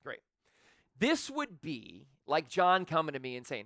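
A man's voice: on the high side, wildly swooping pitch, measured pace, a bit bright, dry recording, clean studio sound. A man preaching a sermon as pastor, talking conversationally with rhetorical questions. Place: church.

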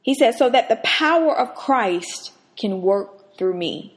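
A woman's voice: on the high side, expressive, takes it slowly. A woman hosting a podcast, giving an earnest, emphatic devotional Bible teaching. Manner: earnest, emphatic, rises sharply when acting out quotes.

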